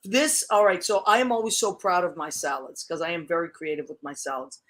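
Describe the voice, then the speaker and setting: A woman's voice: lowish voice, fairly even intonation, a little fast. Chatty woman hosting an online show. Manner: chatty, warm, laughs easily, restarts often. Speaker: show host. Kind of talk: casual online chat show.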